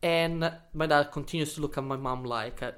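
A man's voice: fairly high pitch, normal speed. Italian guy on a podcast, chatty, lots of uh and um, dry sarcastic humor. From Italy. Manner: animated, many fillers, playful sarcasm. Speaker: podcast guest. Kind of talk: storytelling in casual interview.

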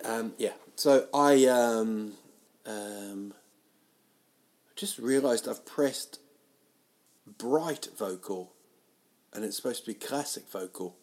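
A man hosting a solo podcast, rambling through silly tangents in a self-mocking way with sudden loud outbursts. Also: mid-range voice, slow pace, long pauses. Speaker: podcast host. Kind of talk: rambling solo comedy chat. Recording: home podcast mic, uneven sound.

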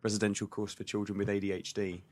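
A man on a comedy panel throwing in quick, wry quips. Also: lowish voice, little pitch movement, a little mellow, a little hiss or hum. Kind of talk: casual comedy chat.

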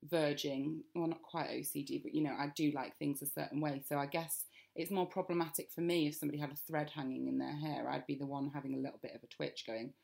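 A woman's voice: deep voice, fairly even intonation, quick pace, gravelly, few pauses, a little mellow. A young woman with a Northern English accent, co-hosting a chatty podcast and laughing often. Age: young adult. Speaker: podcast co-host. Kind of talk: casual chat.

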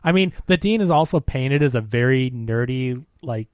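A man's voice: medium pitch, lively intonation, dry recording. Chatty man arguing his take, dry sound. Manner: chatty, argues his point, quick agreeing interjections. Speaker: podcast co-host. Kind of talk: casual movie recap chat.

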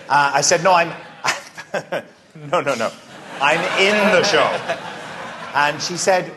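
A man's voice: fairly high pitch, measured pace, pauses often, background noise. A man with a Welsh accent, a podcast guest, telling self-mocking anecdotes in casual chat and acting out the quotes. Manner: animated storyteller, self-mocking, acts out quotes. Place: live comedy podcast venue.

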